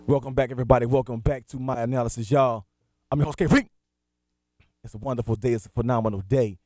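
A man's voice: medium pitch, fairly even intonation, quick pace, darkish tone, no room sound. Direct man preaching on radio. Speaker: radio host and minister.

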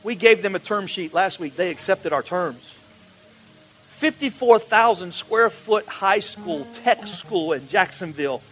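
High bright-voiced preaching man. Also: expressive, measured pace, breathy edge, soft background music, rough recording. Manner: call-and-response preaching, rising to shouts. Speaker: pastor. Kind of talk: sermon.

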